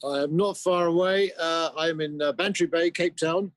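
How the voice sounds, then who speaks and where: Relaxed man, dry close sound. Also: on the high side, normal speed, no room sound, rough recording. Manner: relaxed, anecdotal. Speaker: musician guest. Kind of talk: casual interview chat.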